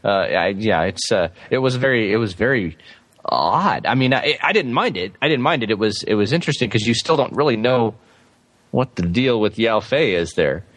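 A man with a lowish voice muses in an easygoing, halting way, trailing off and restarting as he works through his ideas. He sounds relaxed, like someone chatting about a show he follows. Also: no room sound. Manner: relaxed, hesitant, thinking aloud. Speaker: podcast co-host. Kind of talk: casual TV recap chat.

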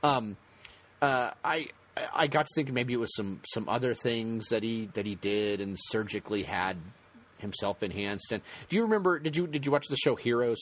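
A man co-hosts a casual conversation about a TV show. His pitch sits in the middle for a man. He speaks in halting bursts full of fillers and restarts. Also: fairly bright tone. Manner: halting, many restarts and fillers, laughs often. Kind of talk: casual chat.

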